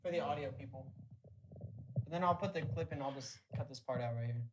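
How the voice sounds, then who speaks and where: A man's voice: medium pitch, a little fast, low-quality recording. A man chatting offhandedly as a podcast co-host who edits the show. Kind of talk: casual chat.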